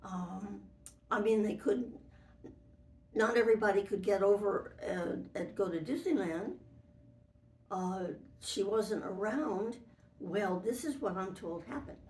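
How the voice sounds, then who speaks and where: Far from the microphone, in a roomy recording, an older woman who served as a model for an animated fairy rambles through distant memories in an interview, with frequent restarts. She speaks unhurriedly in a mid-range voice.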